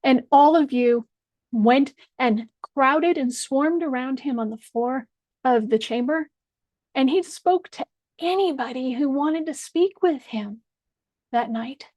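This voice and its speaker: A woman's voice: high-pitched, slow, a little mellow, dry recording. A woman delivering a blunt, profane video rant straight to camera, addressed to a politician. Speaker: political commentator.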